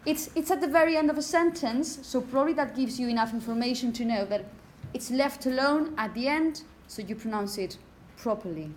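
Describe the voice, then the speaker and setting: A woman lecturing on phonetics, her voice sitting a little high for a woman. She explains patiently and keeps checking in with her listeners. Now and then she taps out rhythmic example phrases, with a faint hiss underneath. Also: a little fast, few pauses, a little mellow. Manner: explanatory, checks in with "okay?" and "yeah?". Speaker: phonetics teacher. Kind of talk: lecture to teachers.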